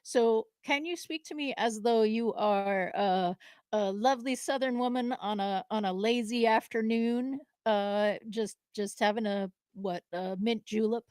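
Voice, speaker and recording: A woman from New England co-hosting a show, talking casually and haltingly, with many fillers and frequent laughs. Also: a little high, a little mellow, clean tone, no room sound, clean studio sound. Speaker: podcast co-host. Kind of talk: live casual conversation.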